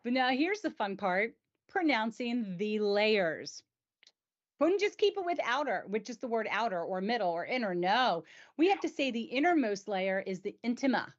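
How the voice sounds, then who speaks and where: A woman's voice: fairly high pitch, big pitch swings, moderate pace. Chatty woman host, lo-fi sound. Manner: chatty, enthusiastic, stumbles over medical terms. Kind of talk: casual explainer chat. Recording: dull lo-fi sound.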